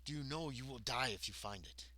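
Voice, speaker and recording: A man voicing a stern male captor who questions a prisoner slowly, in a clumsy put-on accent that drifts toward Russian. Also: medium pitch, noisy background, lightly acted. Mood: menacing.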